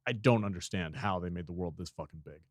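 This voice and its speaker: Brief: lower-voiced man, rapid and excitable, swears, dry close sound. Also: dry recording. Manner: excitable, swears freely, says dude. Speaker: gaming podcast co-host. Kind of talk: casual chat.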